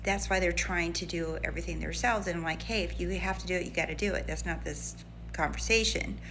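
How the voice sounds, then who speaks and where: A woman's voice: lowish voice, fairly quick, creaky, a little hiss or hum. A woman casually telling a story to her audience, animatedly acting out what she and a friend said. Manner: animated, acts out quoted voices in a retelling. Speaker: lifestyle and manifestation creator.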